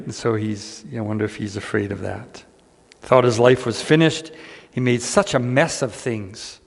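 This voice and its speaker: A man preaching a sermon as pastor, earnest and unhurried, repeating key lines with dramatic pauses. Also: medium pitch. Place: church sanctuary. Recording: church hall reverb.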